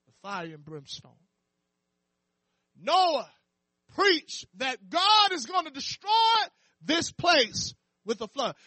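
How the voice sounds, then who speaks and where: A man preaching a sermon in church, fervent and impassioned, tossing "amen" and questions to the congregation and rising to shouts. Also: extremely high pitch, no room sound. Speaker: pastor.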